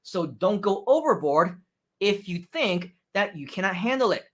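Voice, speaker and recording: A man teaching public speaking on a livestream, energetic and animated, who keeps checking in with "right?". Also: high-pitched, moderate pace. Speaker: speaking coach. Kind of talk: livestream training talk.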